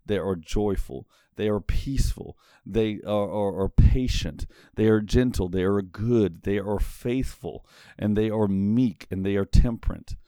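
Low, smooth-voiced man preaching a sermon. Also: warm tone, no echo, studio quality. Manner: measured, emphatic scripture reading.

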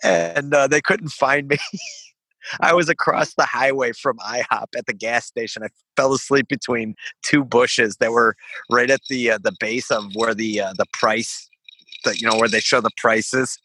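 A man's voice: medium pitch, steady tone, unhurried, bright, forceful tone, husky, no echo. Swearing young man telling a story. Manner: rambling, laughing, swears freely. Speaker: podcast guest, veteran. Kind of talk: casual storytelling.

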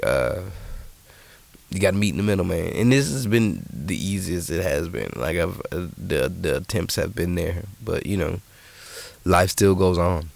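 A man's voice: low voice, vocal fry, dry recording. A man hosting a podcast, telling stories in a rambling, profane, casual monologue full of restarts. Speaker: podcast host. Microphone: podcast microphone.

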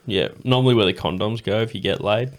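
A man's voice: fairly low pitch, quick pace. A man hosting a podcast, telling stories in casual chat, swearing and laughing often. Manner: swears freely, laughs often, rambling storyteller. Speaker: podcast host.

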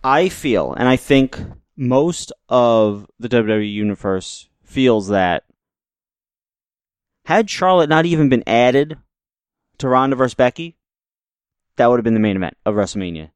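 A man's voice: mid-range voice, lively intonation, a little slow, long pauses, clear, resonant tone, dry recording. A man co-hosting a wrestling podcast, ranting sarcastically in casual chat and swearing freely. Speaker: podcast co-host.

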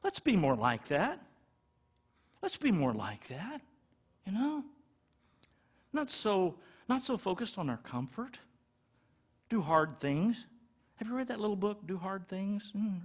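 High-voiced middle-aged pastor preaching. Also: male voice, husky. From California. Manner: conversational, acts out little quoted exchanges. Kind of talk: sermon.

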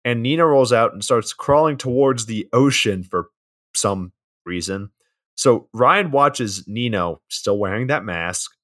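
A man's voice: medium pitch, animated, unhurried, fairly bright tone. A man co-hosting a podcast, casually recapping a film's plot with frequent swearing. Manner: laid-back plot recap, swears often. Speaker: podcast co-host. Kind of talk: casual movie review chat.

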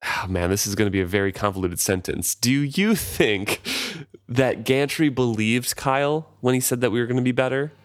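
A man co-hosting a book podcast, reading passages aloud and talking them over in a relaxed way. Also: mid-range voice, normal speed, dry recording, studio quality. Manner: relaxed, thinks aloud with restarts. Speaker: podcast co-host. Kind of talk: casual book discussion and read-aloud.

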